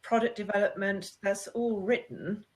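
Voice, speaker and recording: A woman hosting a podcast, speaking in a relaxed, musing way. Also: medium pitch, normal speed. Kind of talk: podcast conversation.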